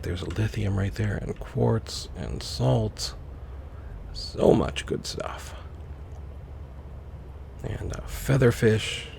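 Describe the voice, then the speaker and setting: A man with a lowish, gravelly, somewhat dark voice comments casually on his own gameplay as a let's play host. He muses aloud to himself while playing, with slight background noise behind him.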